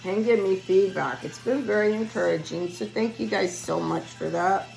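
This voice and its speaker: A woman's voice: medium pitch, normal speed, vocal fry, darkish tone, faint music behind, rough recording. A woman giving a spiritual reading in a casual solo vlog, chatty and rambling as she talks straight to her viewers. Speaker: spiritual reader.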